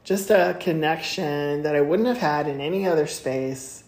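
Chatting casually on a podcast she co-hosts, a woman tells a story at normal speed, using lots of fillers. Her voice sits low and has a darkish tone, and the room echoes noticeably.

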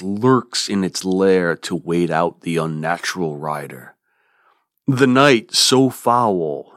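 A man hosts a literature podcast, leading listeners through a poem with playful asides. His voice sits low but swings widely in pitch, and he takes his time over every line. The recording is dry and close, with no room sound. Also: no room sound. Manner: expressive, lively reading with playful asides. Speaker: podcast host. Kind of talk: literature lecture.

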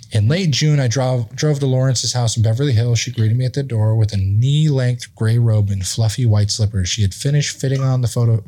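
A man's voice: medium pitch, mellow. Casual man reading an article aloud. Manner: reads an article aloud with offhand asides and restarts. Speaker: podcast host. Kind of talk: casual read-aloud commentary.

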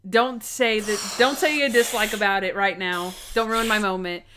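A woman's voice: medium pitch, fairly even intonation, noisy background. A young woman co-hosting a podcast, chatting casually and enthusiastically about a TV episode and acting out bits of its dialogue. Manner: gushing, quick to act out dialogue in character voices. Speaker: podcast co-host. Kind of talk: casual chat reviewing a TV episode.

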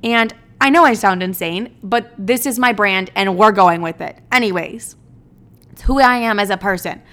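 A woman's voice: medium pitch, normal speed. A young woman vlogger telling a story in a casual, dramatic way, swearing freely and joking at her own expense. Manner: animated, dramatic, swears freely, mocks herself.

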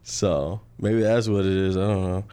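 A man's voice: low-pitched, fairly even intonation, normal speed, warm tone, clear, resonant tone. A man co-hosting a podcast in casual chat, laid-back and rambling, laughing often. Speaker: podcast co-host.

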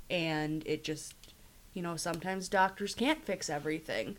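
A woman with a slightly low voice talks through a TV episode with friends in a relaxed podcast chat. She retells scenes by slipping into the characters' quoted lines. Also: moderate pace, slight background noise. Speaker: podcast co-host. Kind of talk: casual TV recap chat.

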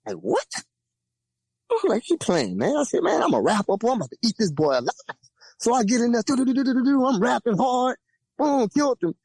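A young man from Louisiana with a Louisiana accent, telling a profane, lively story as a podcast guest and acting out the voices of the people in it. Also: brisk, vocal fry, pauses often, slightly rough, no room sound. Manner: lively, profane, acts out quoted voices with big pitch jumps. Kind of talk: animated storytelling.

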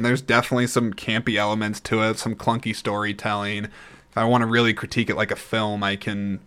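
A man hosting a casual solo movie-review podcast, rambling and chatty, with frequent throat clearing and restarts. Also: lowish voice, sharp tone. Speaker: podcast host.

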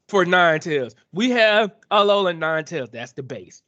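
A man with a high, bright voice co-hosts a casual gaming chat. He rants in an animated, exasperated way. The recording is dry and dull, with a lo-fi sound. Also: moderate pace, no echo. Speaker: podcast co-host.

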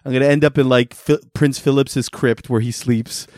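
A man's voice: mid-range voice, steady tone, moderate pace, darkish tone, dry recording, studio quality. A man co-hosting a casual chat, spinning a playful story and laughing often. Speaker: podcast co-host.

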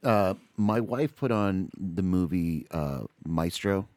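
A middle-aged man co-hosting a podcast in casual chat, rambling and animated, full of restarts and asides. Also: deep voice, slow pace, dry recording. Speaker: podcast co-host.

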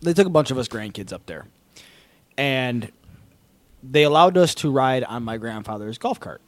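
Brief: mid-pitched man, relaxed storyteller, swears freely, gets loud at the punchline. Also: normal speed, no echo. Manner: profane, builds to loud laughing excitement. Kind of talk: casual storytelling.

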